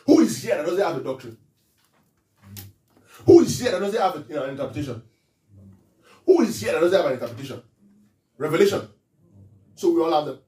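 Man, pastor, interactive sermon, high animated voice, echoey room, distant mic. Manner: call-and-response questions to the congregation; reads scripture aloud slowly.

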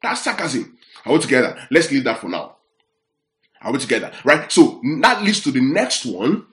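A man's voice: mid-range voice, sing-song, moderate pace, fairly bright tone. Emphatic preacher, a man with a roomy echo. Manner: emphatic, checks in with the listeners often. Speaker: preacher teaching scripture. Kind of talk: Bible-teaching sermon. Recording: roomy echoey sound.

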